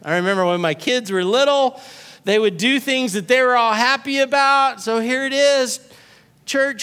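A middle-aged man preaches to his church in a sermon, animated and joking as he acts out the people he talks about. His voice sits very high and has a bright, ringing edge. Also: moderate pace, clean tone. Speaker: pastor.

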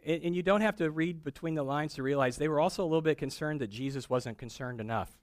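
A man's voice: fairly high pitch, quick pace, no echo. A middle-aged man preaching a conversational sermon and acting out the voices of people in the story. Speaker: pastor.

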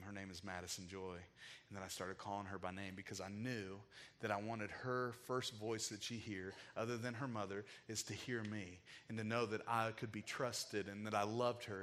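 A man's voice: fairly low pitch, steady tone, moderate pace, a bit bright, slight background noise. A man preaching a sermon, telling a heartfelt personal story in an emotional, casual way with frequent filler words. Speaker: pastor.

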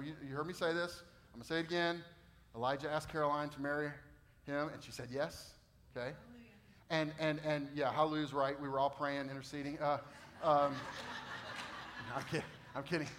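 A man preaching a sermon, repeating phrases and swinging from loud bursts to hushed tones. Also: on the high side, a little hiss or hum. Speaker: pastor.

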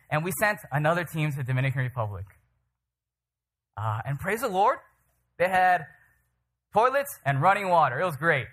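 A man preaching a sermon, telling stories in an animated way and often checking in with the listeners. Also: a little high. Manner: animated, checks in with "right?" and "okay?". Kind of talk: sermon with storytelling.

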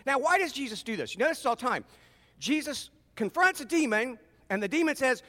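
High-voiced, animated preacher. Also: male voice, brisk. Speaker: pastor. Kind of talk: sermon. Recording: long reverb in a large hall.

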